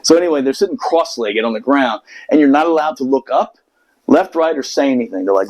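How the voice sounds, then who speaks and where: A man's voice: medium pitch, moderate pace, darkish tone, poor audio. A man from the United States telling a long story in casual chat, profane and rambling, with many restarts. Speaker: podcast host telling a story.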